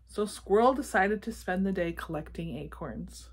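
A woman reading a picture book aloud to children, gently asking them questions about the pictures. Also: medium pitch, animated, normal speed, breathy edge. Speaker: children's storybook reader.

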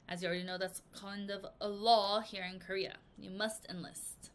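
A woman's voice: mid-range voice, normal speed, few pauses. A woman English teacher walking young students through a vocabulary lesson and acting out the example sentences. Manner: animated, acts out example sentences. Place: language academy in Korea.

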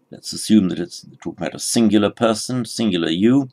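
A man's voice: fairly low pitch, brisk, few pauses, darkish tone. A man teaching a Sanskrit lesson, explaining patiently and correcting himself as he goes. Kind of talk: recorded language lesson.

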